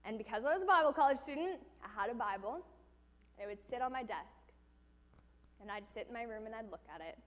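A woman's voice: a little high, expressive, a little fast, long reverb tail. A woman preaching a sermon, telling a personal story with animation and asking the audience questions.

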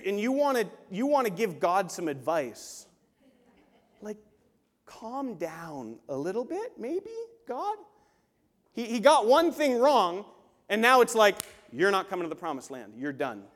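A man with a high voice preaching a sermon in a church sanctuary. He is animated and slips into the voices of the people he quotes. His voice rings out with a long hall reverb behind it. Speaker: pastor.

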